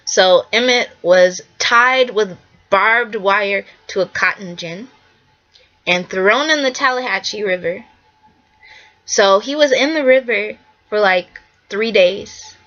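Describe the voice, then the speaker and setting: Bright-voiced young woman, earnest and repetitive. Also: medium pitch, takes it slowly, muffled recording. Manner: earnest, repetitive, acts out quotes. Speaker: artist presenting her work. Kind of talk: casual spoken presentation.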